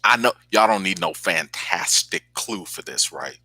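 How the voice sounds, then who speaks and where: A man hosts a live reaction chat and calls out to his viewers. His bright, forceful voice leaps around in pitch. The sound is dry and close. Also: a little slow, husky, no echo. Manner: animated, exclaiming, talks straight to viewers. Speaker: host.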